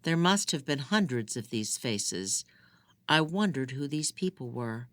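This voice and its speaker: Brief: slow, measured first-person audiobook read, bright tone, dry booth sound. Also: mid-range voice, dry recording. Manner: measured, expressive in dialogue.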